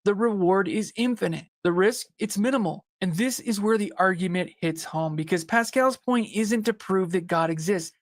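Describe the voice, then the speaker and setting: A narrator of a played video, reading a script with an even delivery. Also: medium pitch, normal speed, few pauses, dry recording, studio quality.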